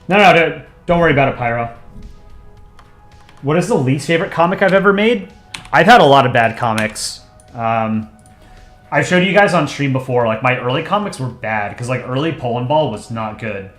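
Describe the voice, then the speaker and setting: A man's voice: medium pitch, normal speed, long pauses, echoey room, faint music behind. Laid-back man chatting on a livestream. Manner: relaxed, chatty, thinks aloud. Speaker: streamer and comic artist. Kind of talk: casual livestream chat.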